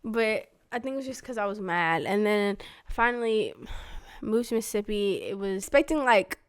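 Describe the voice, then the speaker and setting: A young woman from Florida casually recounting her past, animated and laughing, acting out the voices of the people she quotes. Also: medium pitch, normal speed, clear, resonant tone. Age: young adult. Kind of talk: casual storytelling conversation.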